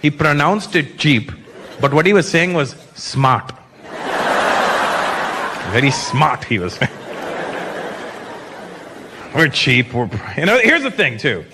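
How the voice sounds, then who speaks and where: Animated man doing stand-up, crowd noise. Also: a little high, slow, long pauses. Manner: animated, shouting put-on voices and accents for punchlines. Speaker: stand-up comedian. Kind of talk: stand-up comedy set. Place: large comedy venue with a laughing audience. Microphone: handheld stage mic. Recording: live stage recording with crowd noise.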